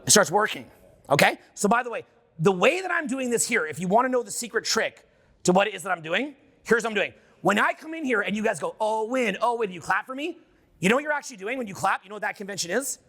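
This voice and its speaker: A man giving a live seminar talk to an audience, animated and profane, firing questions at the crowd. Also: sits high, fast. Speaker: seminar speaker. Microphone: unamplified handheld mic.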